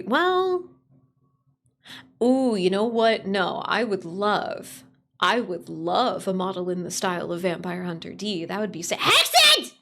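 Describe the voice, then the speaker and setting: A woman streamer chatting casually with viewers on a live stream, swearing freely and breaking into high squeals and laughter when startled. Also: gravelly. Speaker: VTuber streamer.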